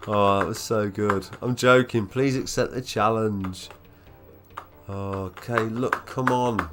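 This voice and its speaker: A man's voice: fairly low pitch, fairly even intonation, slow pace, music in the background. A man with a Black Country accent chatting casually on a live stream while he plays, swearing freely and laughing often. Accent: Black Country English.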